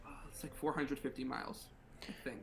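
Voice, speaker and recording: A man's voice: mid-range voice, steady tone, fairly quick, creaky, soft background music, rough recording. A teenage young man from Nevada, answering interview questions earnestly and hesitantly, with lots of fillers. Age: teens. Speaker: interview guest, student officer.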